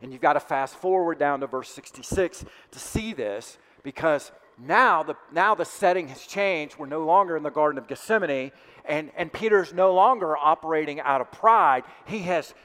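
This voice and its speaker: A male pastor with a fairly high voice delivers a fervent sermon, his speech rising to loud emphatic peaks and then falling to quiet, intimate asides. A long, echoing reverb trails each phrase, as if he is heard through a church sanctuary. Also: expressive, moderate pace. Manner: impassioned preaching, swelling louder and dropping to hushed asides.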